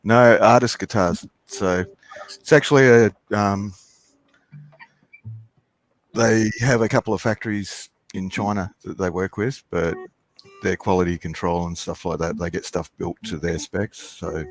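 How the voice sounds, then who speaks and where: A low-voiced guitarist chatting in an easygoing way about his instrument. Faint guitar sound lingers behind him. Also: fairly even intonation, a little slow. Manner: easygoing, explains gear. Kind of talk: casual chat.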